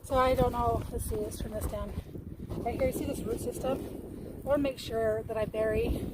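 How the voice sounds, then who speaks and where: A woman with a high voice talks casually into a phone while she works in her backyard garden. She rambles and greets viewers by name. Loud wind and outdoor noise roar around her. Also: steady tone, normal speed. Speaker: livestreaming gardener. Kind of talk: casual live-stream chat.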